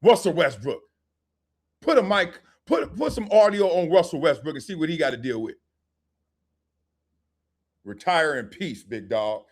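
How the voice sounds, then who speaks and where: A man's voice: a little high, very animated, measured pace, long pauses. A middle-aged man hosting a live sports talk stream, joking, slangy and acting out little scenes as he talks. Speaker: host.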